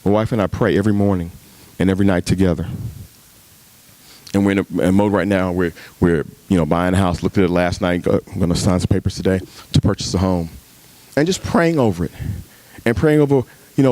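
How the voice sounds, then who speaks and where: A man gives a sermon at a men's retreat, his voice climbing sharply when he acts out arguing with God and settling low when he turns personal. The sound is dry and close, with little room echo. He speaks as a pastor talking straight to the men in front of him. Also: fairly quick, mellow. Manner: preaching with big pitch swings, acting out dialogue with God.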